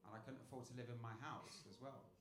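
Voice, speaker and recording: Deadpan stand-up comic in an echoey club. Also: male voice, fast talker. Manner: deadpan dark jokes, swings between loud punchlines and low muttered setups. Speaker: stand-up comedian. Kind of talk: stand-up set. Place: comedy club stage. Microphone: handheld stage mic. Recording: echoey club with room noise.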